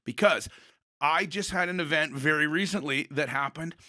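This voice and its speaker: A man hosting a casual chat, telling animated stories and acting out other people's lines. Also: on the high side, moderate pace, dry recording, clean studio sound. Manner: animated storyteller, acts out voices in anecdotes. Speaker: podcast host.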